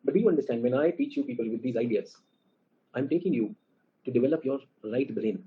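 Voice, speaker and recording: Fast-talking Indian English teacher. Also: male voice, medium pitch, narrow, tinny audio. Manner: animated, asks the class questions often. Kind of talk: classroom lecture.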